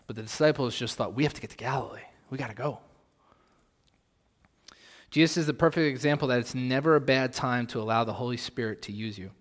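Brief: male pastor preaching, mid-pitched voice, dynamic delivery, long hall reverb. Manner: rhetorical questions, swings from loud emphasis to soft. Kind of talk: sermon.

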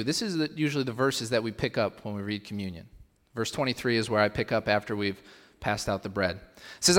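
A man's voice: mid-range voice, lively intonation, fairly quick, a bit bright. A young man preaching a sermon as pastor, speaking in a casual style with fillers and lifting his voice to stress the scripture he reads. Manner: conversational, with fillers, rising emphasis when reading scripture. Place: church hall. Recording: long reverb of a church hall.

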